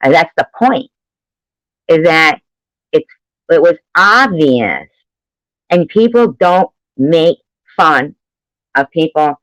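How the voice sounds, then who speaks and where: A woman's voice: sits low, animated, slow pace, long pauses, fairly bright tone, no echo, poor audio. A woman chatting casually on a live stream, rambling and swearing freely, laughing often between remarks. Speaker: livestreamer.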